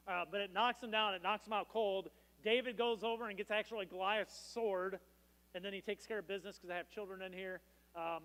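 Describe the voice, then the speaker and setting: High-voiced male pastor preaching. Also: a bit bright. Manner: casual, joking storytelling. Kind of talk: sermon. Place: church. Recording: long reverb in a church hall.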